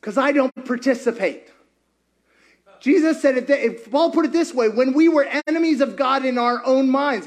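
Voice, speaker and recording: A man preaching a sermon as pastor, animated and playful, firing questions at the congregation and acting out voices. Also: very high voice. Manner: animated, asks the crowd many questions; playful, acts out quoted voices.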